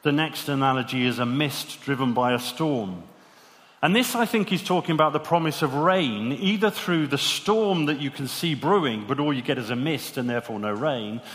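Male preacher, mid-pitched, earnest sermon delivery, long hall reverb. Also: animated, normal speed, fairly bright tone. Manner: earnest, many rhetorical questions.

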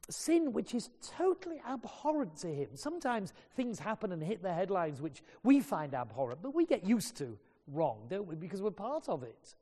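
A man's voice: high-pitched, big pitch swings, moderate pace, few pauses, mellow. A man preaching a sermon, retelling stories with earnest feeling and frequent stumbling restarts. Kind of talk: sermon storytelling. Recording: long hall reverb.

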